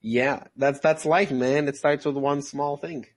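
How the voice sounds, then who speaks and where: A man's voice: a little high, steady tone, measured pace. A young man co-hosting a casual podcast, telling a rambling story with jokes. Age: young adult. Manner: rambling storyteller, jokey, laughs often. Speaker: podcast co-host. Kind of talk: casual chat.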